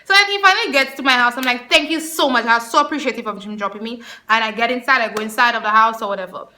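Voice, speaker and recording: A woman in her twenties telling an animated story in a casual vlog. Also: on the high side, very fast. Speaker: vlogger.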